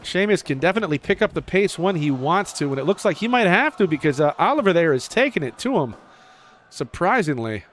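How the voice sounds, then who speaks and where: A man giving casual play-by-play commentary over a video game wrestling match, excitable, jumping up in pitch on the big moves. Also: a little fast, a little hiss or hum.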